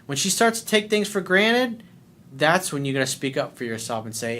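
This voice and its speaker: Male dating coach, blunt and profane, reads out a letter and answers it, acts out bits of dialogue; needs a faint rumble behind the voice. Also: sing-song, normal speed, sharp tone.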